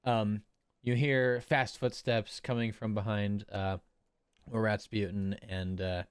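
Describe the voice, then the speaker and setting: A man's voice: fairly low pitch, little pitch movement, takes it slowly, clean tone, dry recording, studio quality. A man as game master, narrating a tabletop game in a casual way with many fillers.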